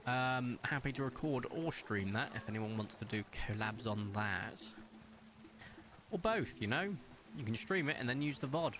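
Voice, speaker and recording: A man's voice: normal speed, background noise. Chatty man streaming. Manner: chatty and excitable, sudden jumps up in pitch. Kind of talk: casual live-stream chat.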